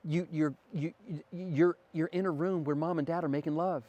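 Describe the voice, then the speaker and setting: A middle-aged man talking fast in an animated, profane conversation as a podcast guest. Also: a little high, muffled recording. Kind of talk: casual conversation.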